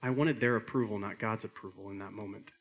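A middle-aged man preaching a sermon as pastor, earnest, swinging from emphatic peaks to soft quiet lines. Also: lowish voice, fast talker.

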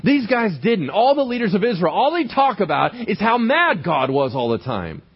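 Animated high-voiced preacher. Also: male voice, normal speed, slightly rough, highs cut off. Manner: animated, asks the congregation questions. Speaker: pastor. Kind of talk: sermon.

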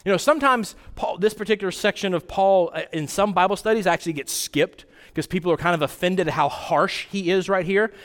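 A man preaching a sermon as pastor, conversational and animated, with sudden jumps in pitch. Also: a little fast, few pauses. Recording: long hall reverb.

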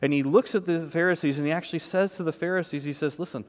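A man's voice: fairly high pitch, steady tone, quick pace. A male pastor giving a conversational sermon, emphatic, with repeated words and frequent "right?" asides. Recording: long reverb of a large hall.

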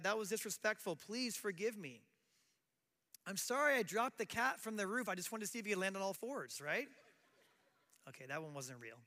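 A man's voice: sits high, sharp tone, big-room sound. A middle-aged man preaching a sermon as pastor, conversational, often acting out quoted apologies.

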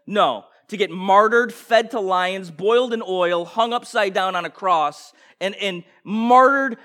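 A man preaching a sermon with passion, firing rhetorical questions and swinging between loud bursts and hushed intensity. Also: sits high.

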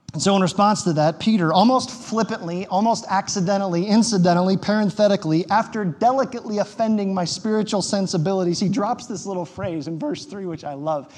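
A man's voice: high-pitched, darkish tone. A man preaching a sermon as pastor, conversational and emphatic, with wry quips. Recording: long hall reverb.

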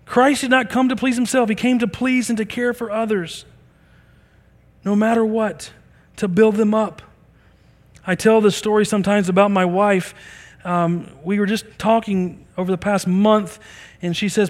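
A man's voice: sits high, steady tone, normal speed, big-room sound. A middle-aged man preaching a sermon as a pastor, earnest and conversational, acting out bits of dialogue.

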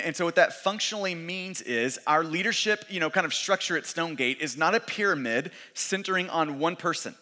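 A man's voice: sits high, sharp tone. A man, a pastor, preaching a sermon in a conversational way, often repeating and restarting his words. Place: church sanctuary. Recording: long church hall reverb.

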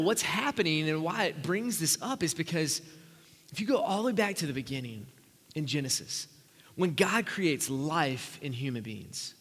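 A man preaching a sermon as a pastor, animated, with humorous asides and repeated words. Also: fairly high pitch, husky, big-room sound.

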